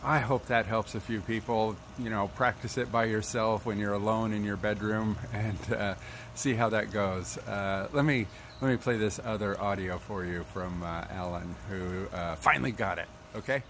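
A man teaching pronunciation in a patient way, repeating sounds slowly to demonstrate them. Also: lowish voice, steady tone, a bit bright. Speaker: language teacher. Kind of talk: spoken tutorial. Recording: noisy background.

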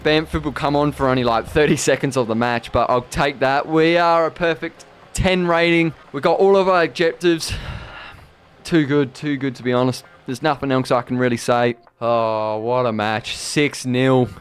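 A young man commentating his own football video game play, excitable and boastful, shouting when he scores. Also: mid-range voice, normal speed, clear, resonant tone. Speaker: gaming YouTuber. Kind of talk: live gameplay commentary.

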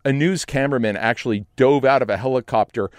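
Guy telling a wild story, gets quiet then yells, dry mic. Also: medium pitch, fast, dry recording. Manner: animated, shifts between hushed and shouting. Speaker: storyteller guest. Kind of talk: dramatic storytelling. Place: Los Angeles.

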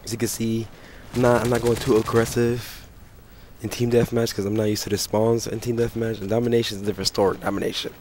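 A young man with a sick, hoarse voice, ranting and swearing through casual gameplay commentary. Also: fairly low pitch, flat delivery, quick pace, darkish tone, a little hiss or hum. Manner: profane, ranting, frustrated. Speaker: gaming channel host.

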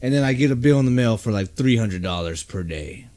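A man's voice: mid-range voice, lively intonation, brisk, a crowd in the background. A man hosting a podcast who rants in an emphatic, profane way. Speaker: podcast host. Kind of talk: casual podcast rant.

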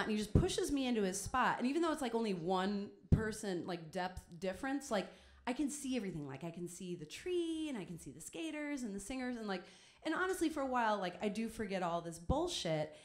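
A young woman telling a comic personal story on stage, chatty and self-mocking, with many "like"s. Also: medium pitch. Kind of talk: live comedic storytelling.

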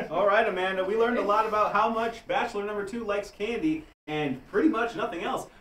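A man's voice: high-pitched, a bit bright, distant mic, slight background noise. Man hosting an improv show. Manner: brisk, joking, laughing. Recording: echoey stage from afar.

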